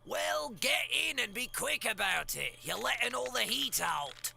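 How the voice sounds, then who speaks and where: A synthetic man voicing a gravelly, grouchy innkeeper. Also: extremely high pitch, big pitch swings, a little slow, sharp tone, soft background music, heavily acted. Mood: grumpy. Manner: gruff, sarcastic, impatient. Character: grouchy rude male innkeeper, resentful of guests.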